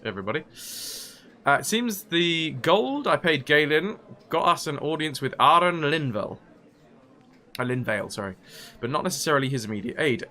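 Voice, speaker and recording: A man's voice: a little high, bright, forceful tone. A man streaming a role-playing game, reading quest text aloud and joking with his chat in a casual, laughing way. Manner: joking, chatty, laughs often.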